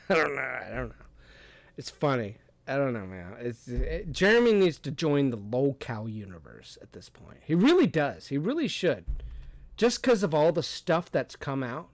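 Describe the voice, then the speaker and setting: A man's voice: medium pitch, big pitch swings, moderate pace, no room sound. A young adult man hosting a livestream, rambling and cursing, laughing often as he reads and answers chat. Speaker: streamer host.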